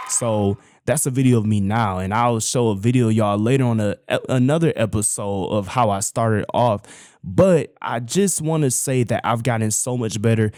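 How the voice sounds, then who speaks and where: A man's voice: mid-range voice, no room sound, studio quality. A young man hosting his own show, chatting about his college days in a casual, talkative way and addressing listeners as "y'all". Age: young adult. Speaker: host. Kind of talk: casual personal storytelling.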